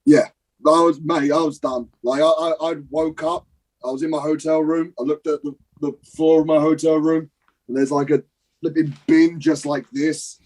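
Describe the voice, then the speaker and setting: A young adult man from Britain, the guest on an interview show, tells an animated story. He swears casually and acts out scenes. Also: on the high side, normal speed, rough recording. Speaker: guest, professional wrestler. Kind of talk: animated anecdote telling.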